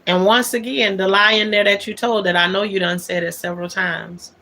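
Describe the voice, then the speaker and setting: A woman's voice: medium pitch, steady tone, a little fast, bright, forceful tone. A woman hosting a livestream, talking things out in an aggrieved, emphatic way and repeating her key words. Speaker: livestream host. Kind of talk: unscripted livestream monologue.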